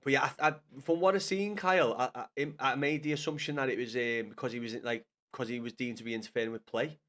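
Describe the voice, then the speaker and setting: A man's voice: mid-range voice, steady tone, quick pace, fairly bright tone. A young man with a Scouse accent chatting casually about football on a live stream, rambling, swearing and addressing viewers by name. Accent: Liverpool Scouse.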